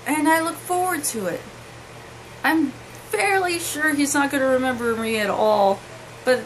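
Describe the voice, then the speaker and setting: A young woman telling a personal story to camera, halting and emotional, with many restarts. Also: high voice, slight background noise, poor audio. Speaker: vlogger.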